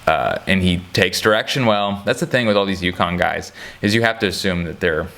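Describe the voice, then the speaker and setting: Low-voiced man rambling about basketball. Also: brisk, fairly bright tone. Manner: rambling, joking, many fillers and restarts. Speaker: sports commentator. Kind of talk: casual chat.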